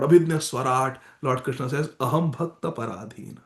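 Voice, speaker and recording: A man's voice: mid-range voice, fairly quick, hardly any pauses. A man teaching a morning scripture class in a temple, retelling stories emphatically with devotional exclamations. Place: temple hall. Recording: echoey temple hall.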